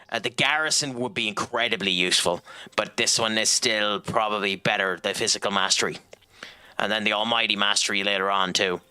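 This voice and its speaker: Very bright-voiced Irish man streaming. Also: fairly low pitch, clean tone. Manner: rambling, lots of ums and restarts. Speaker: game streamer. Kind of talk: casual gameplay commentary and chat reading.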